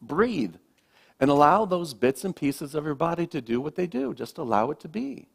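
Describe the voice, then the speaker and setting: A man, a minister, giving a gentle, reflective sermon with slow, emphatic pauses, speaking to a congregation in a church. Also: a little high, big pitch swings, vocal fry. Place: church sanctuary.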